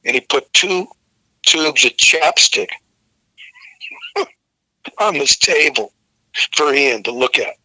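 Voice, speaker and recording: An older man, a rock singer, telling a profane, animated story as a guest in a casual interview. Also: fairly high pitch, takes it slowly, long pauses, no echo, poor audio.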